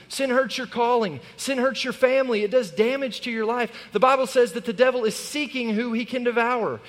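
Impassioned pastor preaching in a reverberant hall. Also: male voice, extremely high pitch. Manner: impassioned, rising to shouts in exhortation, then softer storytelling. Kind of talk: sermon. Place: church sanctuary.

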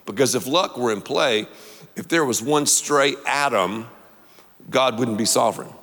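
A man preaching a sermon, animated and playful, leading the audience to repeat lines after him. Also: medium pitch, a little slow. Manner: animated, audience call-and-response. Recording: long hall reverb.

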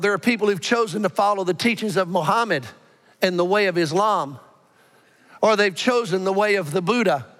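Pastor, man, high voice, animated storytelling sermon, long sanctuary reverb.

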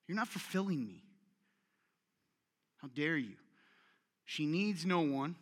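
A man's voice: medium pitch, lively intonation, moderate pace, long pauses, a bit bright. A male pastor preaching a conversational sermon, joking with his audience and acting out the voices he quotes. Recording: long hall reverb.

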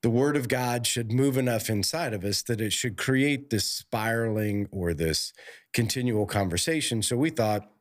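A man co-hosting a podcast in casual chat, playful and quick to laugh. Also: medium pitch. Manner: playful, laughs a lot, animated impressions. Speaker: podcast co-host.

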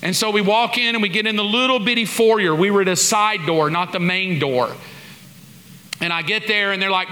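A man's voice: high voice, fairly quick. A man preaching a sermon as a story, animatedly acting out prayers and conversations. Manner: animated, acts out dialogue and prayers. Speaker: pastor. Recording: long hall reverb.

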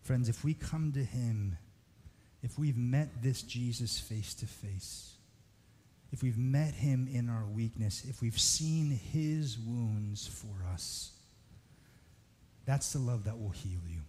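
Male pastor, earnest sermon delivery, mid pitch, long reverb of a church sanctuary. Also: darkish tone. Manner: earnest, slows for emphasis.

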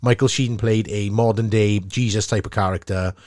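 A Welsh man hosting a podcast, telling an animated story and laughing easily. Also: fairly low pitch, normal speed, no room sound, studio quality. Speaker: podcast host, actor. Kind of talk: casual chat, storytelling.

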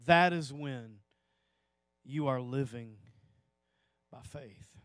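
A man preaching a sermon to a church audience, telling a personal story that swells into impassioned pleading and drops to hushed, slow emphasis. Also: medium pitch, smooth, no room sound. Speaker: pastor.

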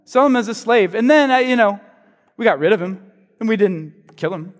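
A man's voice: high-pitched, expressive, normal speed, pitched above the performer's own voice. A man voicing a scheming young brother who casually talks the others into a cruel plan. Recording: long reverb in a large hall.

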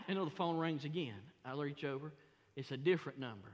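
A middle-aged man, preaching a sermon as pastor in a folksy, animated, self-mocking storytelling way. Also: on the high side, fairly quick. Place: large church sanctuary. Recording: long hall reverb in a church.

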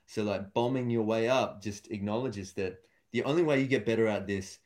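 A man's voice: lowish voice, normal speed, darkish tone. A man, a stand-up comedian and guest, talking casually and thoughtfully in an interview, with many fillers and restarts.

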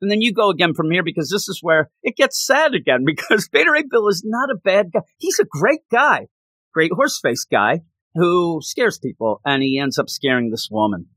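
Excitable male comic fan, high and bright, retells scenes animatedly. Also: moderate pace, no room sound. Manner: animated, laughs while retelling, acts out quotes. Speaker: comic book podcast co-host. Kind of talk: casual comic recap chat.

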